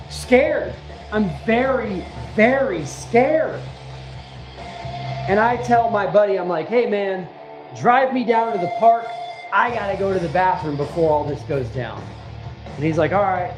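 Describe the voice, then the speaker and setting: A man casually telling a personal story, animated and repetitive, acting out what people said and the punches. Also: high-pitched, reverberant.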